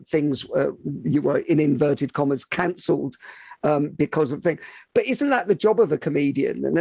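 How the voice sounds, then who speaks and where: A man's voice: fairly high pitch, gravelly, darkish tone, dry recording, clean studio sound. A man hosting a podcast interview, asking long questions with many fillers. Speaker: podcast host.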